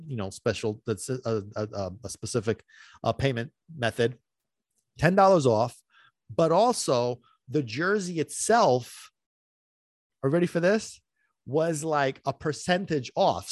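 A man hosting a podcast, telling a long story in an animated, rambling way that swings between loud bursts and muttered asides. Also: medium pitch, no room sound, studio quality. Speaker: podcast host.

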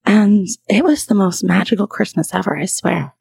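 A woman's voice: mid-range voice, moderate pace, vocal fry, a little mellow, slightly rough. A woman in her thirties hosting a podcast as a trauma therapist, talking candidly and chattily with frequent laughs. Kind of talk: casual solo podcast talk.

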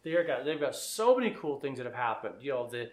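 A man's voice: medium pitch, big pitch swings, fast, echoey room. A man in casual podcast chat, talking enthusiastically and rambling a bit.

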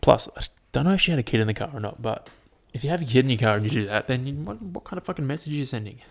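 A man's voice: mid-range voice, expressive, rapid-fire, creaky. A young man, chatting casually to his audience in a rambling, sweary rant. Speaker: vlogger. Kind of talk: casual chat. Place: at home, at a laptop.

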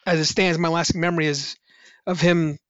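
A man's voice: fairly high pitch, flat delivery, a little fast, a bit bright, dry recording, dull audio. A man, a musician, telling rambling casual stories with lots of fillers and restarts. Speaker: musician guest on a podcast. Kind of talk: casual anecdotal storytelling.

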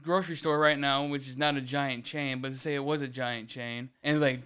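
Emotional swearing man, smooth voice. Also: medium pitch, fairly even intonation, normal speed, sharp tone. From Michigan. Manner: swears constantly, emotional and heated. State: close to tears. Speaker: podcast co-host. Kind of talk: casual chat.

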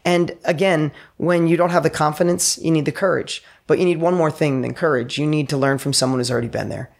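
A man speaking as an entrepreneur guest on a podcast, an energetic storyteller who acts out the quotes in his stories. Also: fairly high pitch, fast talker, creaky. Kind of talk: enthusiastic podcast interview.

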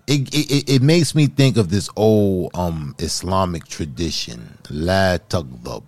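A man hosting a podcast, chatting casually and praising a poem, laid-back and drawn-out. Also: low voice, lively intonation, darkish tone. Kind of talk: casual chat.

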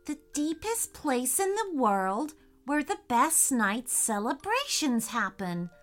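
A woman's voice: high-pitched, sing-song, slow pace, pushed and bright, soft background music, pitched above the performer's own voice, exaggerated voice. A woman voicing a curious, slightly anxious young girl in a storybook, often asking questions. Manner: questioning, wide-eyed.

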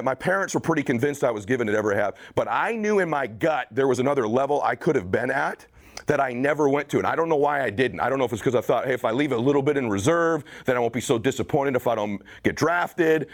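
A man's voice: mid-range voice, animated, fast talker. A man in his forties from the United States giving an intense motivational speech to a college team, building to emphatic urging. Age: 40s. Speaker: motivational speaker.

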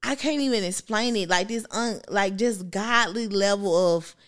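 A woman's voice: medium pitch, normal speed. A woman in her thirties co-hosting a casual podcast chat. She rambles, with plenty of filler words and restarts. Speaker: podcast co-host.

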